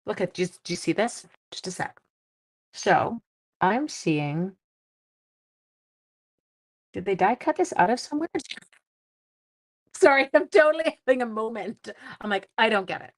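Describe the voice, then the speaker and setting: A woman's voice: mid-range voice, expressive, a little slow, long pauses. A woman hosting a live crafting stream from home, chatting casually and giggling at herself as she demonstrates stamping.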